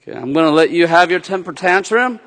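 A man's voice: on the high side, lively intonation, quick pace, fairly bright tone. A middle-aged man, a pastor, preaching a sermon in a conversational way with playful asides. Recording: long hall reverb.

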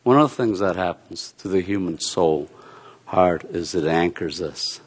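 A man's voice: low voice, animated, measured pace, husky. A middle-aged man, a pastor, preaching a sermon in a conversational way with playful asides. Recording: long hall reverb.

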